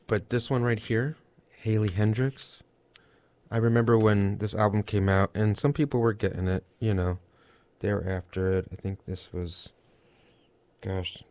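A man's voice: fairly low pitch, a little mellow, dry recording. A man hosting a radio show, chatting casually and rambling with lots of fillers and asides. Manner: rambling, self-deprecating, full of fillers. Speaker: radio host.

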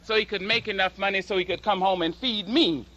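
A woman giving a slow, dramatic public speech and reciting poetry with emphatic delivery. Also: medium pitch, pushed and bright, muffled recording. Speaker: public speaker and poet.

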